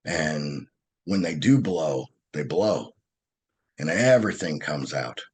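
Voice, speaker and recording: A man telling stories as a podcast guest, earnest and animated, often restarting his sentences. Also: very deep voice, slow, husky. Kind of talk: conversational storytelling.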